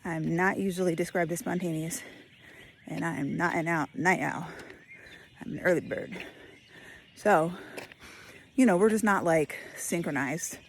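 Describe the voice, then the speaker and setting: A woman's voice: fairly low pitch, a little slow, long pauses, slight background noise. Winded woman musing on a walk. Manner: thoughtful, musing, many fillers. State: out of breath. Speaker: vlogger. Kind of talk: casual spoken reflection while walking. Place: outdoors on a walk.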